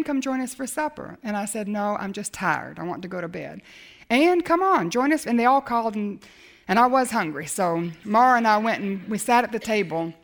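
A middle-aged woman preaching, telling a personal faith story with lively acted-out dialogue. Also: medium pitch. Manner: animated storytelling, acts out dialogue. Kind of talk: sermon storytelling.

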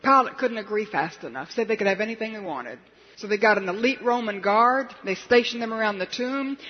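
A man's voice: sits high, expressive, a little fast. A male preacher telling stories in a sermon, dramatic and acting out the people he quotes. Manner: dramatic storyteller, acts out quotes. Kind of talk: sermon storytelling. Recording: dull lo-fi hall recording.

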